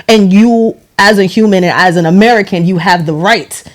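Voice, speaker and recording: A woman's voice: mid-range voice, normal speed. A woman from Brooklyn with a New York accent, co-hosting a podcast and making her point emphatically with everyday examples. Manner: emphatic, talks things through with examples. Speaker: podcast co-host. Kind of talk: casual podcast discussion.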